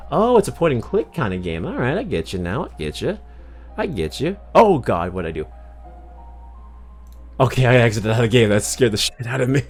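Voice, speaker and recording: A man's voice: medium pitch, sing-song, a little fast, faint music behind. A man from Massachusetts doing casual game commentary as a streamer, joking, swearing and poking fun at himself. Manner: joking, swears, self-mocking.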